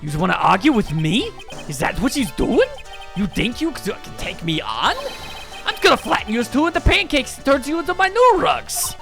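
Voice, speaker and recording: A woman voicing a loud, bullying male mob boss with a gruff, roaring delivery in a video game playthrough. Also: a little high, huge pitch swings, normal speed, over music, pitched above the performer's own voice. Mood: menacing.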